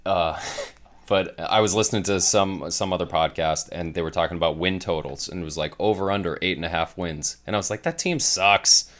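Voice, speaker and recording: A man with a very low voice and a bright, forceful tone, co-hosting a casual sports podcast. He talks in a loose, chatty way and laughs easily. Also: fairly quick. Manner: relaxed, chatty, laughs often. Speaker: podcast co-host.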